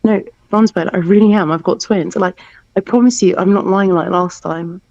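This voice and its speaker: A woman's voice: mid-range voice, normal speed, vocal fry, lo-fi sound, crowd noise. A woman co-hosting a live stream, teasing and joking in a playful, sing-song way.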